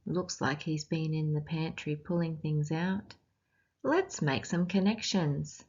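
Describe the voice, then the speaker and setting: A woman's voice: sits low, breathy edge, lo-fi sound. A woman with an Australian accent, teaching as she reads a picture book aloud to children and asks them questions along the way. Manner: slow, expressive, questioning children.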